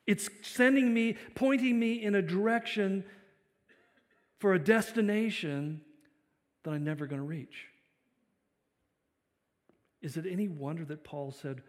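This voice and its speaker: A male pastor delivering a sermon, swinging between loud emphasis and quiet, reflective passages. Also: high-pitched, unhurried, pauses often. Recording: long reverb of a large hall.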